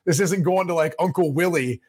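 A man co-hosting a sports podcast in casual chat, relaxed and joking, sometimes slipping into mock voices. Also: fairly high pitch, brisk, husky. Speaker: podcast co-host.

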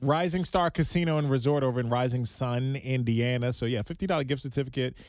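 A man co-hosting a radio show, chatty and quick to laugh at his own expense. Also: mid-range voice, darkish tone, no room sound, clean studio sound. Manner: laughs easily, chatty and self-deprecating. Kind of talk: casual radio chat.

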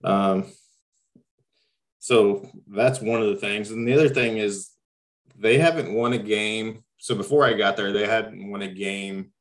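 A man's voice: fairly low pitch, unhurried. A young man from Missouri, a new varsity coach, talking hesitantly with many ums and restarts. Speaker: guest basketball coach. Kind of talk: casual interview talk.

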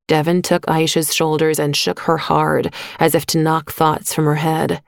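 A woman narrating a short story in a measured, even voice on a close microphone. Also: deep voice, gravelly, dry recording. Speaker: audiobook narrator. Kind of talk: scripted narration.

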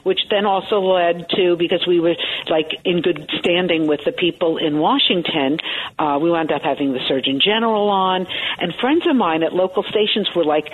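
A woman's voice: on the low side, brisk, slight background noise. Chatty Brooklyn woman on a tinny phone line. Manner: animated, chatty, wisecracking. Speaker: TV morning show host, guest. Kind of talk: casual interview storytelling.

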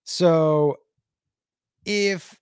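A man's voice: on the high side, fairly even intonation, drawn-out words, smooth, no room sound, clean studio sound. A man telling a rambling, profane comedy story on a livestream, often laughing and greeting viewers by name. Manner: rambling, profane, reads chat names aloud.

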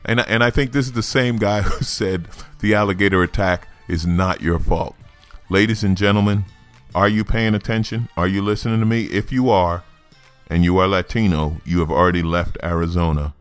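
A man's voice: low voice, moderate pace, soft background music. A man hosting a comedy news podcast, delivering sarcastic, mocking commentary and laughing at his own jokes. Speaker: podcast host.

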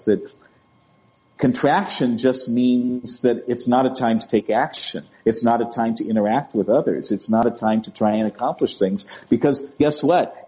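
A man speaking as a guest in a conversational interview. He talks gently, restarts his words and often checks in with "right?" and "you know?". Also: medium pitch. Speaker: guest speaker on emotional wellbeing. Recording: dull lo-fi audio.

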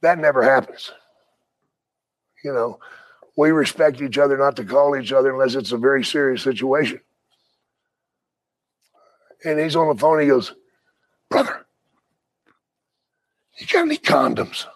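An older man, a retired wrestler and podcast guest, telling stories in a casual, profane, animated way with frequent laughs. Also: mid-range voice, moderate pace, long pauses, rough recording. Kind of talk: casual storytelling.

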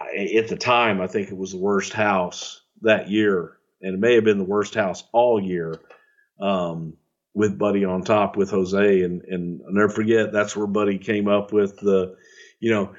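A man's voice: lowish voice, measured pace, highs cut off. Profane middle-aged man telling stories. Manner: profane, rambling, laughs through anecdotes. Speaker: podcast co-host, former wrestling executive. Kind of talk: casual storytelling.

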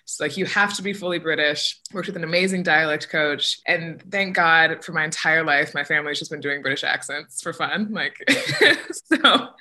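Bright-voiced American actress, chatty. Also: female voice, sits low, normal speed. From United States. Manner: chatty, many "like" fillers, laughs often. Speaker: musical theatre actress, guest. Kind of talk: casual interview chat.

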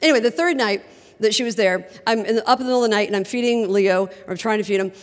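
A woman telling a personal story on stage in an animated, humorous way, often laughing as she talks. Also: medium pitch, racing. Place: theater stage before a live audience. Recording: long theater reverb.

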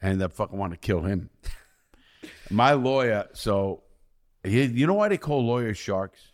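A man's voice: fairly low pitch, expressive, normal speed. Blunt, profane man telling prison stories. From United States. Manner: profane, blunt, rambling with restarts. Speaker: interview guest, ex-convict. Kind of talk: casual storytelling.

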